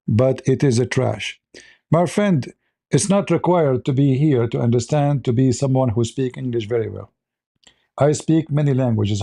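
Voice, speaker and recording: A man's voice: mid-range voice, warm tone. Sarcastic man ranting on a show. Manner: sarcastic, blunt, broken grammar. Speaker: host. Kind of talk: mocking live commentary.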